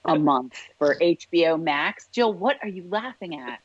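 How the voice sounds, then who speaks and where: A woman co-hosting a casual chat show, talking in an animated, teasing and blunt way. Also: fairly low pitch, normal speed, husky, no room sound, lo-fi sound. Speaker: co-host.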